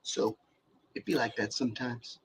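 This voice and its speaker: A man's voice: mid-range voice, steady tone, moderate pace, slight background noise. A young man in casual podcast chat about car audio, rambling and profane with many fillers and restarts.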